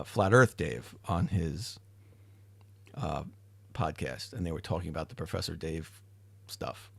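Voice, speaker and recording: A man's voice: low voice, creaky, no room sound. A tired man hosting a livestream, chatting casually with his chat, rambling and swearing now and then. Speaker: livestream host. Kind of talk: casual chat reading live chat.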